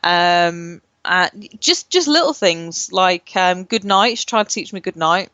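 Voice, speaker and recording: A woman's voice: on the low side, lively intonation, a little slow, sharp tone, smooth, no echo, dull audio. Rambling, sweary woman podcaster. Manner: swears freely, rambling with many fillers. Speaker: podcast co-host. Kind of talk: casual chat.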